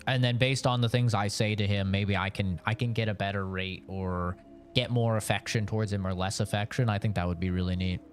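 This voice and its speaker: A man's voice: lowish voice, steady tone, fairly quick, faint music behind. Joking male game streamer. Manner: rambling, joking, talks to chat. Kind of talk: casual gameplay chat.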